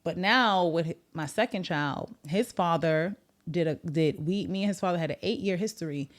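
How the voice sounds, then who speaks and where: A woman in her thirties hosting a podcast, telling a personal story in an earnest, reflective way and growing animated when she retells what others said. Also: lowish voice, normal speed. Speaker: podcast host.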